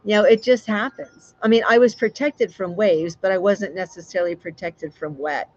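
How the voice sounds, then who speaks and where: A woman's voice: mid-range voice, moderate pace, a little mellow, lo-fi sound. A woman hosting a casual live stream, chatting with viewers in a rambling way with lots of fillers and restarts. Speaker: livestream host.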